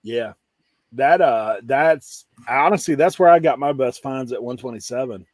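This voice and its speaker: A man in casual chat about reselling, telling animated stories and laughing often. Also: mid-range voice, moderate pace, no echo.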